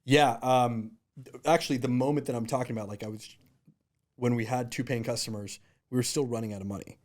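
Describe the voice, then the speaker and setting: A man's voice: medium pitch, brisk. A man in his thirties, a startup founder, telling stories casually in an interview and acting out what people said. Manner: animated, acts out quotes in raised voices.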